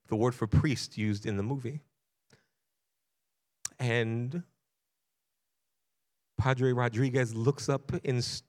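A man preaching a sermon at a medium pitch, telling a story in an earnest voice. He builds intensity as he goes and repeats phrases for emphasis. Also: steady tone, takes it slowly, pauses often, darkish tone. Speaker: pastor.

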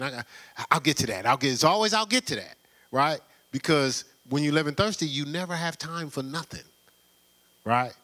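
A man preaching a sermon in a loose, conversational way, full of rhetorical questions and quick laughs. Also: mid-range voice, bright, forceful tone. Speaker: pastor.

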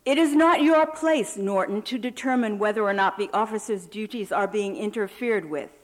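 A woman's voice: fairly high pitch, animated, a little slow, pitched above the performer's own voice. Condescending prison captain, read by a woman. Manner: condescending, forbearing. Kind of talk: reading a personal essay aloud.

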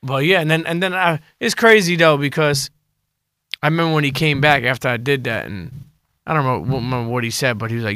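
A man's voice: medium pitch, brisk, sharp tone, smooth, no room sound, clean studio sound. A man hosting a podcast interview, telling loose stories full of slang and profanity. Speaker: podcast host. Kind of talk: casual interview chat.

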